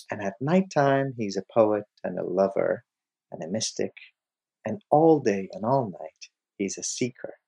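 A man giving a lecture, telling a story in an animated way and acting out its scenes. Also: mid-range voice, gravelly, breathy edge. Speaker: lecturer on mystic poetry.

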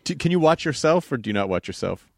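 A man hosts a casual interview, reacting with quick questions and asides. His pitch moves around a lot as he talks. His voice sits in an ordinary middle range. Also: sing-song, vocal fry, dry recording, studio quality.

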